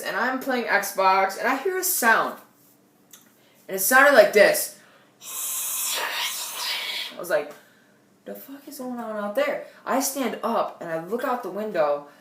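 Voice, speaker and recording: A young woman vlogging on a tablet at home, telling a scary story in an animated way, with loud outbursts and quiet asides. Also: on the low side, echoey room. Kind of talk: casual storytelling vlog. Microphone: tablet built-in mic.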